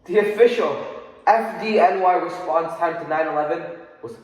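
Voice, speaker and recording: A man giving a dramatic, impassioned recitation of a speech, angry and emphatic, with pointed pauses. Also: fairly high pitch. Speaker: oral interpretation student. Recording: echoey hall with long reverb.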